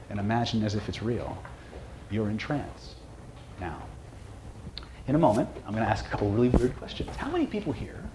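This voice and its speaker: A man's voice: mid-range voice, background noise. A man giving a live seminar talk, joking with and quizzing the audience. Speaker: seminar presenter, hypnosis trainer.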